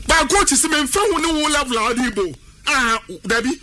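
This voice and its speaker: A man with a Ghanaian accent giving animated sports talk, emphatic and repetitive, drifting into a sing-song delivery. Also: very high voice, fairly quick, a little hiss or hum. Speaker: sports pundit. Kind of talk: animated sports talk mixing Twi and English.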